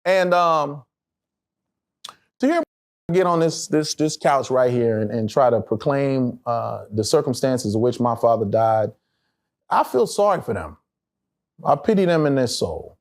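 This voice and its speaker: A middle-aged man, an actor, telling a personal story in an interview with animated, profane, emotional delivery. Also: mid-range voice, measured pace, pauses often.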